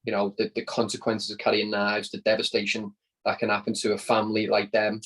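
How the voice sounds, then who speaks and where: A man's voice: lowish voice, completely flat delivery, brisk, fairly bright tone, poor audio. A man from Liverpool with a Scouse accent, a podcast guest telling a story in casual chat, often repeating words as he goes. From Liverpool, England.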